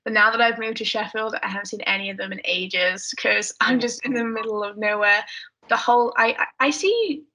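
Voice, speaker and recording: A woman's voice: fairly high pitch, fairly quick, bright, forceful tone, low-quality recording. A young woman with an English accent, chatting casually as a podcast guest, mumbly with lots of fillers. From England. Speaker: guest athlete.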